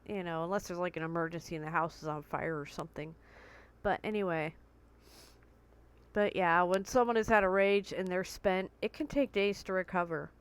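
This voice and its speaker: A woman's voice: on the low side, moderate pace, smooth. A woman vlogging candidly and conversationally from her bedroom, recording on a tablet, with vivid comparisons. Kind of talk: personal talk to camera.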